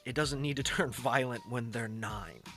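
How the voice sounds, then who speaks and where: A man's voice: medium pitch, moderate pace, bright, forceful tone, faint music behind. A man giving casual, blunt commentary on a clip, lecturing and swearing now and then. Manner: lecturing, blunt, profane asides.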